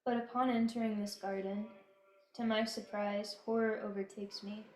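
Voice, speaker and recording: A woman giving a slow, solemn devotional reading in a prayerful, measured manner. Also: mid-range voice, level tone, darkish tone. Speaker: devotional reader. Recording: echoey room.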